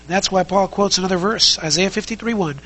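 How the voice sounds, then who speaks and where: A pastor preaches a sermon in a conversational, emphatic style, firing off many rhetorical questions at the congregation and repeating key phrases. His voice is high, a little fast and sharp, captured in a low-quality recording.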